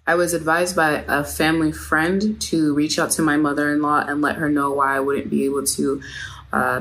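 A woman reading a first-person account aloud at a measured, steady pace. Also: extremely low pitch. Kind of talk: read first-person statement.

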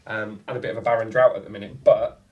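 A man on a football podcast, swearing freely and telling a lively story in casual chat. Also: lowish voice, quick pace, far from the mic, lo-fi sound. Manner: swears a lot, animated anecdotes. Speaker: podcast co-host.

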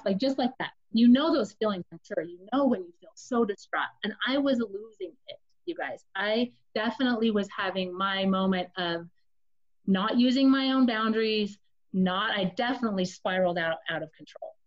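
A woman's voice: mid-range voice, moderate pace, highs cut off. Woman earnestly telling her personal story. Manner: earnest, confessional, addresses listeners directly. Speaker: speaker sharing her story. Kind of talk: personal testimony, casual storytelling.

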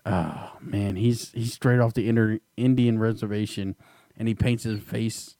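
A man co-hosting a podcast, talking excitedly about a fight, swearing and laughing often. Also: on the low side, measured pace, no echo, clean studio sound. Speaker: podcast co-host. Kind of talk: casual chat.

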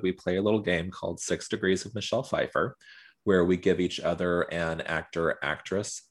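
A man co-hosting a casual podcast over a video call, laughing often and speaking in quick bursts. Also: deep voice. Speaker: podcast co-host. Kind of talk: casual chat.

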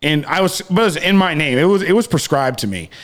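A man's voice: a little high, lively intonation, fast talker. A young man co-hosting a podcast, telling a long story in casual chat, rambling with many restarts, fillers and swearing. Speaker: podcast co-host.

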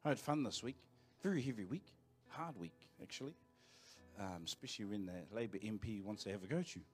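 New Zealand pastor, casual preaching. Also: male voice, on the low side, lively intonation, faint music behind. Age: 40s. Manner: conversational and anecdotal, with quick asides to the congregation. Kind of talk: sermon. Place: church auditorium.

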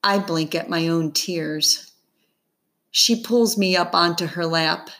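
Slow, measured woman narrating a novel. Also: on the low side, fairly bright tone. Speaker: audiobook narrator. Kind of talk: first-person narration of a children's novel.

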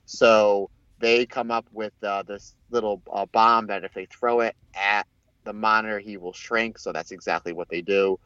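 A man in casual chat, recapping a TV crossover in a rambling, animated way and acting out the characters' lines. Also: lowish voice, normal speed, clean tone, dry recording. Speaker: podcast co-host. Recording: dull lo-fi, dry sound.

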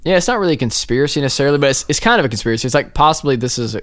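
A young man chats on a podcast, rambling and giggling between jokes. His voice sits in an ordinary middle pitch. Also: lively intonation, rapid-fire, fairly bright tone. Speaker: podcast co-host. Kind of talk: casual chat.

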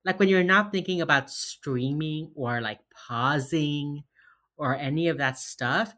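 A woman with a deep, slightly bright voice co-hosts a podcast, casually recapping a TV episode. She swears freely and retells scenes through quick quoted snippets.

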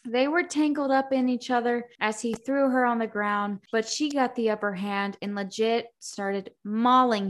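A young woman hosting a casual book podcast, recapping chapters in an animated, profane way, laughing often and acting out the characters. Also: medium pitch. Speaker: podcast host.

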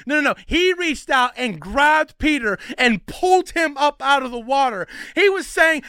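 A young man preaching a sermon in a casual, energetic way, with slangy asides and passages that build up to shouting. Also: very high voice, moderate pace, hardly any pauses, no room sound, studio quality.

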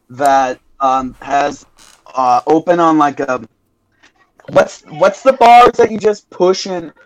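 A young man narrating a tabletop game as game master, halting with many fillers and restarts. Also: a little high, dry recording, poor audio.

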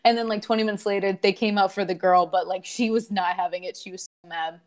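A young woman in her twenties tells a wild night-out story to friends, her voice jumping up whenever she acts out someone else's lines. She talks casually and loosely, with plenty of filler words, and her pitch sits in an ordinary middle range. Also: quick pace. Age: 20s. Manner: animated, quotes people with big voice swings. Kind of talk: casual group chat.

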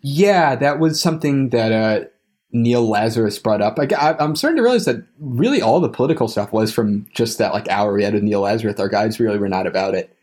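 Halting, wry young man. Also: fairly low pitch, lively intonation, darkish tone. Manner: wry, halting, laughs between thoughts. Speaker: podcast co-host, trip returnee. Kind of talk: casual podcast conversation.

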